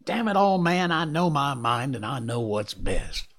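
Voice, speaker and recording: A man voicing a troubled, short-tempered gentleman who speaks in an emphatic, clipped way, pitched a little above his own voice. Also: expressive, unhurried. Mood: exasperated.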